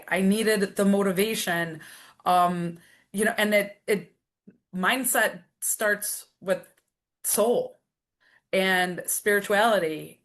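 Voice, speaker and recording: A middle-aged woman, a coach and podcast guest, telling her story in an energetic, animated way, with many restarts. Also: medium pitch. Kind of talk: emotional conversational storytelling.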